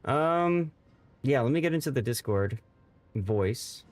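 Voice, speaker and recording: A man hosting a game livestream, chatting casually to viewers in a rambling way, with bursts of excited greetings. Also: mid-range voice, slow pace. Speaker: game streamer and host.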